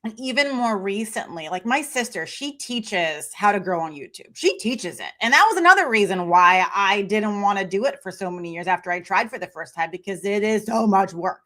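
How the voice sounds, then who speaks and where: A woman guest in casual conversation, talking in an animated way and acting out quoted voices. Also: medium pitch, a little fast, hardly any pauses. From Memphis, United States. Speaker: podcast guest.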